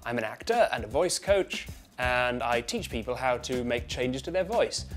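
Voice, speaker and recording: A British man, an actor and voice coach, giving a clear instructional accent tutorial and demonstrating sounds. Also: mid-range voice, lively intonation, normal speed, over music.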